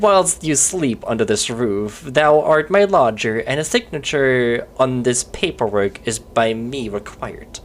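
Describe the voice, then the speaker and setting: Stiff archaic game landlord, lively swooping delivery done by a streamer. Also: medium pitch. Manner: stiff old-fashioned thee-and-thou speech, drawn out. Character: formal archaic-speaking landlord demanding paperwork. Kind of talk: reading game character lines aloud on stream.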